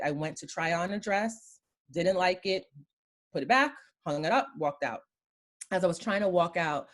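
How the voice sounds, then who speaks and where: A woman from Queens in her thirties recounts her experiences as a guest, speaking in a notably low register. She tells her stories by acting out the exchanges in a casual conversational way. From Queens, New York. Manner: storytelling, acting out quoted exchanges.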